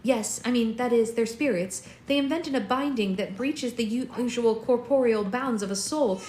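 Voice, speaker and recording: An eager young woman scholar, high and excited, tumbling over her words, as a woman puts her on while reading aloud. The room sounds roomy, with a faint hiss behind. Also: normal speed, close to an everyday voice. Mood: earnest.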